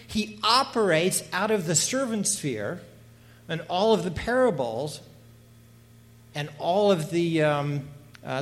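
A man speaks in a fairly high voice for a man, earnestly responding in a panel discussion. His delivery is emphatic and preacherly, building through repeated phrases. He hesitates often, filling pauses and restarting his sentences. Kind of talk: earnest discussion comment on scripture.

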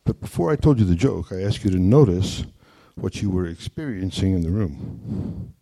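Storytelling speaker from Wyoming, folksy and humorous, low warm voice. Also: male voice, lively intonation, normal speed, creaky. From Wyoming, United States. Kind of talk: storytelling talk to an audience.

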